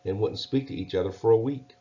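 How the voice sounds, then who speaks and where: A man's voice: lowish voice, quick pace, mellow, natural voice. A man voicing a sulky, gloomy young girl bear, reading a storybook aloud. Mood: questioning. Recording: dull lo-fi recording.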